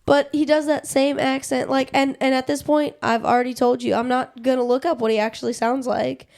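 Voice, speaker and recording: A woman hosting a podcast in casual chat, animated, swearing freely and laughing often. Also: high voice, a little fast, creaky. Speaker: podcast host.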